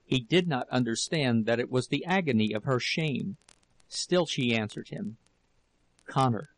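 A man narrating a novel as an audiobook in a measured, dramatic storytelling manner. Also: medium pitch, rough recording.

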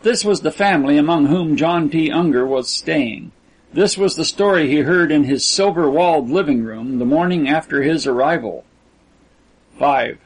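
Male narrator for classic fiction, husky, slightly raised pitch, measured. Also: poor audio. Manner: measured, descriptive reading. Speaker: audiobook narrator.

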